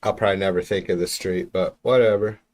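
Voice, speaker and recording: Male streamer, lowish voice, loose profane rambling chat, mic at arm's length. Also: fairly even intonation, quick pace, darkish tone. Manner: rambling, profane, chatting to viewers. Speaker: livestreamer. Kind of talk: casual livestream chat. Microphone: mic about an arm's length away.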